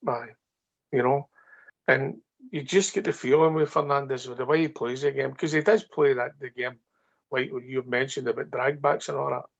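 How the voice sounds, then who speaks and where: A man's voice: medium pitch, steady tone, normal speed, creaky. A Scottish man co-hosting a fan phone-in, making firm, emphatic points in casual chat.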